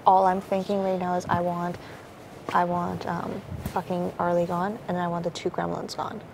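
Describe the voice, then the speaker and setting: A woman's voice: lowish voice, flat delivery, moderate pace, vocal fry, noisy background. A young woman talking strategy in a casual, rambling way, full of fillers and swearing. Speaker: reality show contestant.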